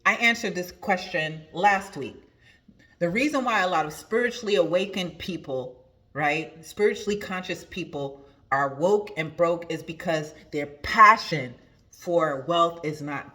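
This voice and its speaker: A woman's voice: on the low side, unhurried, pushed and bright. A woman hosting a motivational talk as a spiritual coach, emphatic and preachy, repeating her key phrases.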